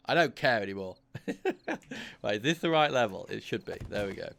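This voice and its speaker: Gravelly low-voiced gamer man. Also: lively intonation, brisk, fairly bright tone. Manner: thinks aloud, grows frustrated and swears. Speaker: gaming channel host. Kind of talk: casual let's-play commentary.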